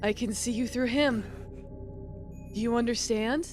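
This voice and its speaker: Woman voicing a soft-spoken, self-sacrificing young huntsman, hushed and slow. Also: fairly high pitch, soft background music, lightly acted. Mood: soothing. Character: kind dying young male huntsman, gentle, self-sacrificing.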